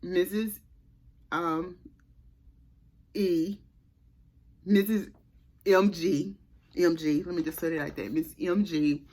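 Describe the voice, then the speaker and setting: A woman's voice: fairly low pitch, steady tone, slow, long pauses, darkish tone. A woman vlogger telling a personal story in a casual, chatty way, full of restarts and asides to her viewers.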